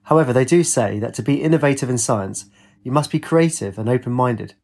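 A man's voice: mid-range voice, brisk, darkish tone, lightly acted. Teasing young physicist, read by a man. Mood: reasoning. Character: jokey young male physicist, rational and teasing.

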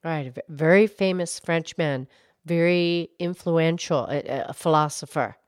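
A woman voicing a gentle female cow who calmly explains history on a children's show. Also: low-pitched, measured pace, dry recording, clean studio sound. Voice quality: calm, explanatory, hesitant restarts. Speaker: co-host, explainer.

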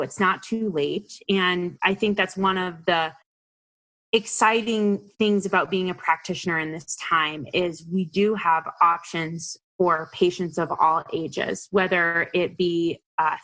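Woman in her forties, fairly low voice, earnest, explanatory, podcast guest. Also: a bit bright. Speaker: guest practitioner. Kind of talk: podcast interview answers.

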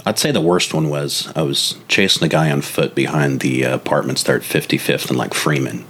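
Man, ex-cop, matter-of-fact, understated, deep voice. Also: fairly quick, fairly bright tone, husky. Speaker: police officer. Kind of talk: storytelling interview answers.

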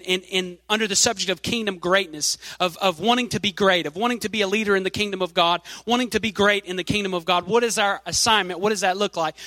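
High, bright-voiced emphatic male preacher. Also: no room sound, long reverb tail. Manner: reads scripture aloud, leans hard on key phrases, emphatic. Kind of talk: sermon.

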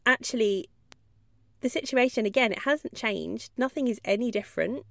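A woman's voice: on the high side, moderate pace, creaky, a bit bright, no room sound. Chatty woman hosting a podcast. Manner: chatty, laughs often. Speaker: podcast host, dog trainer. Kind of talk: podcast monologue.

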